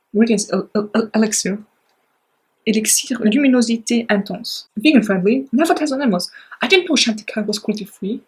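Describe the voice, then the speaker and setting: A woman chatting casually and excitedly through a beauty box unboxing, with lots of fillers and gushing reactions. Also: medium pitch, a little hiss or hum, poor audio. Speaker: beauty vlogger.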